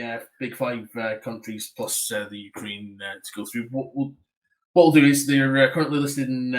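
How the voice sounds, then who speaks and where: A man's voice: mid-range voice, a bit bright, rough recording. A Scottish man hosting a casual music podcast, talking with many hesitant ums and uhs. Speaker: podcast host. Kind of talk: casual chat.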